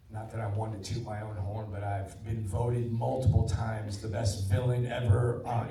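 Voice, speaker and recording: An actor in his sixties animatedly recounts stories to a cinema audience ahead of a screening, dropping into a hush for quotations. Recorded from a distance in the auditorium, his lowish voice comes through with roomy theater sound and a great deal of noise.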